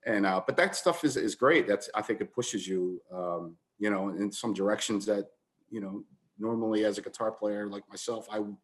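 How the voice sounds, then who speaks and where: Man, low voice, guitarist, casual chat, stop-start delivery. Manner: halting, repeats words and restarts a lot. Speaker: guitar player in the conversation.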